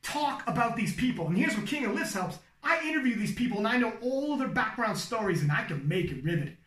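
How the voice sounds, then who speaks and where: A man talking casually about sports commentary, animated and swearing freely, acting out excited play-by-play calls. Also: high voice, quick pace, roomy sound, far from the mic. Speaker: powerlifting commentator. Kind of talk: casual podcast chat giving advice.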